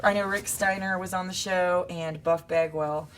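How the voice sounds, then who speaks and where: A young woman wrestler telling stories in a casual interview, acting out quotes with sudden high bursts. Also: steady tone, moderate pace, a little hiss or hum.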